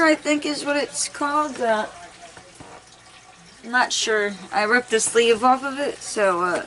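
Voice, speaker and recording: A woman's voice: fairly high pitch, measured pace, sharp tone, low-quality recording. Laid-back young woman chatting casually. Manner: laid-back, tired, giggles while reading. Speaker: vlogger reading aloud. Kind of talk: casual chat and reading aloud.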